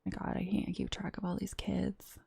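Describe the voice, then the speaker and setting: A woman streamer giving whispered gameplay commentary, softly murmuring to herself as she plays. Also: mid-range voice, monotone, moderate pace, gravelly, husky. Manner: soft murmuring to herself, often unvoiced whisper.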